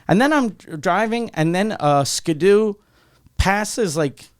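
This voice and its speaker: A middle-aged man hosts a comedy podcast in a loose, swearing, story-driven chat. His voice sits a little high for a man and comes through smooth and clean. He jumps into the dialogue of his stories as he tells them. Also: slow. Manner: animated storyteller who acts out every line of dialogue; swears freely.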